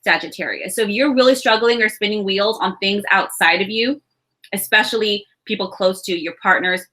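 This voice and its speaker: A woman in her thirties giving a casual, reassuring astrology and tarot reading to camera, chatty and warm-hearted, with laughs and sighs between thoughts. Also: medium pitch, fairly quick.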